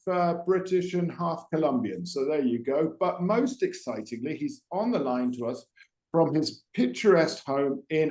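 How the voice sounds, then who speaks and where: A man's voice: a little high, darkish tone. A man hosting a podcast interview, chatty and digressive with many fillers and restarts. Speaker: podcast host. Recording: roomy echo.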